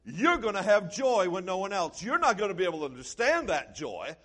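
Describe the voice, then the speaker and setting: A man preaching a sermon as pastor, swinging between quiet, low passages and loud, shouted lines. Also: very animated, a little fast.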